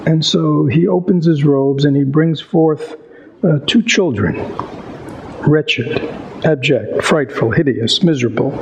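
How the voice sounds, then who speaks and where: A man giving a reflective Buddhist talk, asking rhetorical questions and pausing often to think, and reading a story aloud. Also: on the high side, vocal fry, lo-fi sound, a little hiss or hum. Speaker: Buddhist teacher. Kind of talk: dharma talk with read-aloud passages.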